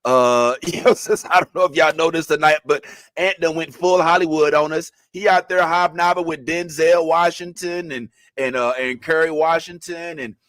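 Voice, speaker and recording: A man hosting a casual live show, teasing his guest in an animated, joking way. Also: a little high, normal speed, few pauses, no echo, clean studio sound. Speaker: host. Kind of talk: casual chat.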